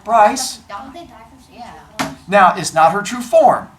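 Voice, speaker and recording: A male teacher telling a myth to his class in a classroom, animated and jokey, acting out voices as he goes. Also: sits high, extremely slow. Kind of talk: storytelling to a class.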